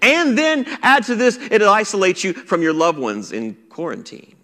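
A man preaching, his voice sitting somewhat high for a man. He swings from raised, emphatic lines down to hushed near-whispers, and a long reverb trails each phrase. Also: huge pitch swings, normal speed. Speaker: pastor. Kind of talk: sermon.

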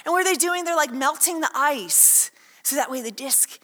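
A woman preaching a sermon to a congregation, chatty and animated, acting out little scenes and asking the room questions. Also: high voice, normal speed. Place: church hall. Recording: echoey hall.

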